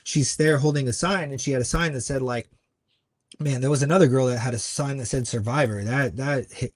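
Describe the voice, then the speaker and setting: A man guest on a podcast, telling a story earnestly and acting out other people's lines with sudden jumps in pitch. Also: a little fast, no echo. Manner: earnest, acts out quoted voices with big pitch jumps. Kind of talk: conversational storytelling.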